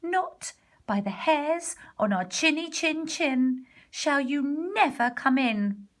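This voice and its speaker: Woman doing a squeaky little pig. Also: animated, slow pace. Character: small excitable young male pigs. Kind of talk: storybook reading.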